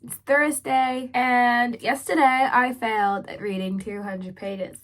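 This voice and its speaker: Twenties book vlogger, rambling and chatty, voice going a bit hoarse, pitched on the higher side. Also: female voice, fairly even intonation, slow. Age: 20s. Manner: chatty, rambling, full of "like" fillers. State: slightly hoarse, losing her voice. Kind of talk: casual vlog chat.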